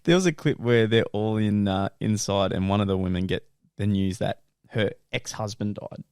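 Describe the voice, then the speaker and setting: A young man co-hosting a podcast, telling stories in an animated way, laughing and swearing casually. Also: on the low side, moderate pace, smooth, no echo, studio quality. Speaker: podcast co-host. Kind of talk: casual chat.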